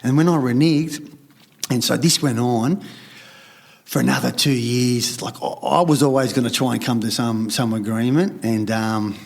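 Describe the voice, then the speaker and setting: A man's voice: medium pitch, moderate pace, vocal fry, a little mellow. A middle-aged Australian man, a podcast guest, telling a story in a rambling, fired-up way, swearing heavily and acting out other people's lines. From Sydney, Australia. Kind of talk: candid storytelling in conversation.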